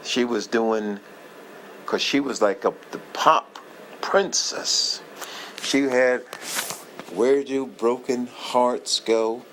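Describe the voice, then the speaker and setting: A man casually reminiscing in a heartfelt, rambling way, often halting and losing his thread. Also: mid-range voice, fairly even intonation, slight background noise, low-quality recording. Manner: heartfelt, moved by the memory. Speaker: vlogger sharing memories.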